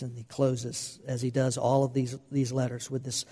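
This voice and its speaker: A man's voice: mid-range voice, completely flat delivery, normal speed, warm tone, slightly rough. A man preaching a sermon as pastor, earnest and repetitive, often restarting phrases for emphasis. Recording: long hall reverb.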